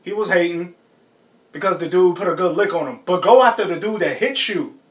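A man hosting a sports reaction video, talking in casual slang, laughing often and breaking into loud exclamations. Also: high-pitched, brisk. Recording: echoey room, mic at a distance, faint background hiss.

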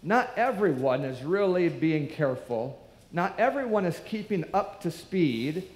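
A man's voice: on the high side, big pitch swings, measured pace. Man preaching in an echoey church. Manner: storytelling, acts out quoted voices. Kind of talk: sermon with children's story.

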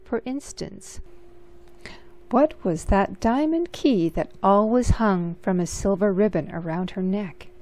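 Slow, gentle woman reading a storybook. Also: mid-range voice. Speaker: storybook reader. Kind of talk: reading a picture book aloud.

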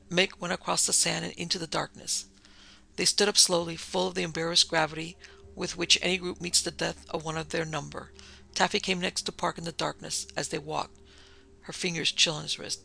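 A woman narrating a classic mystery podcast with steady, measured delivery. Her voice is gravelly with fry and sharply bright in tone. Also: lowish voice. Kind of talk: scripted narration of a vintage mystery.

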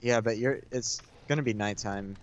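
A man's voice: lowish voice, normal speed, slight background noise. A man playing a co-op game with a friend, laid-back and full of questions, hedging with filler words. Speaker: co-op player. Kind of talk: casual gaming chat.

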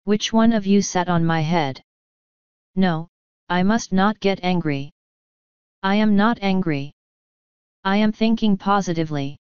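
Woman reading as furious male wizard, snarling, forced calm, clear dry voice. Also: mid-range voice, a little slow, long pauses, no echo, muffled recording, lightly acted. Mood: seething.

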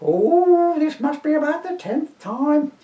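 A man voicing a shrill, indignant old village woman in a high, quavering crone voice. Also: sing-song, slow pace, dark tone, far from the mic, full character voice. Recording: roomy echo, voice from off-mic.

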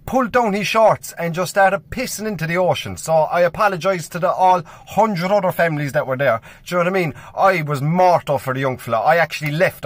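A young man with a Cork Irish accent tells comic stories straight to the camera, chatty and loose. His voice sits a touch high. The sound is dry and close. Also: no echo. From Ireland. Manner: chatty, repeats "do you know what I mean". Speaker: comedian. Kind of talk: stand-up storytelling monologue.

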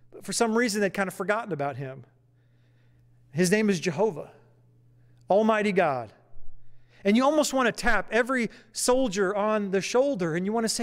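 A man preaching a sermon in an earnest storytelling manner, repeating phrases for emphasis. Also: high voice. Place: church sanctuary. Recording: long reverb of a church hall.

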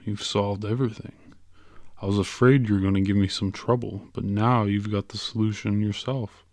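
A man reading an audiobook, voicing a patient, cheerful little male stranger with quick, coaxing salesman patter. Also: on the low side, fairly even intonation, darkish tone, dry recording, lightly acted.

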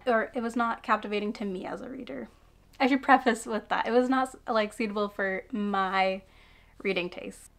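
Chatty young woman reviewing books. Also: a little high. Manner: chatty, frank, lots of "like" and sighs. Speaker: book vlogger. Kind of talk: casual book review chat.

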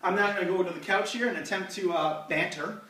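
A man hosts his own amateur stand-up show at home, rambling and crude with lots of fillers. His voice is high and bright. It is recorded from across an echoey room. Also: fast, distant mic. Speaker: host.

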